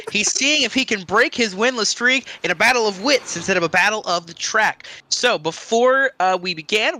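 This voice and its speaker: Man, trivia host, upbeat, jokey, high voice. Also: bright, forceful tone, slight background noise. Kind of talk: casual online stream chat, reading quiz clues.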